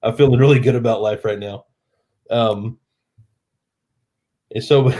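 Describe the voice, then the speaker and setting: A man's voice: lowish voice, slow pace, long pauses, mellow. A man hosting a casual live stream chat, a bit tipsy from drinking, rambling and losing his train of thought. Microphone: live stream setup.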